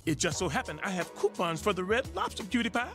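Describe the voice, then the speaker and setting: An old cartoon granddad crooning low. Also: male voice, sing-song, quick pace, over music. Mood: seductive. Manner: put-on low seductive croon. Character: elderly grandfather trying to be smooth. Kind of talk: cartoon voice acting.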